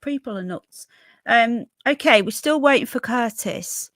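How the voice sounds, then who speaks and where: A livestream host from Birmingham, England chats casually and reads viewer comments, her Brummie accent toned down and flecked with Yorkshire. She speaks a little slowly, with a slightly high, fairly bright voice and lively intonation. The sound is clean studio quality with no echo.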